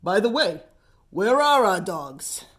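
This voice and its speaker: A woman voicing a big, gloomy male sheep shearer who talks in a loud, moaning way. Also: mid-range voice, sing-song, takes it slowly, pitched below the performer's own voice.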